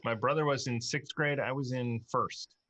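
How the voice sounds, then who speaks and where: An easygoing man hosts a relaxed live-stream chat. His voice sits at an ordinary middle pitch, and he talks in a loose, rambling way, full of ums and uhs. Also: normal speed, no room sound. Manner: easygoing, rambling with many fillers. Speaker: dungeon master and show host.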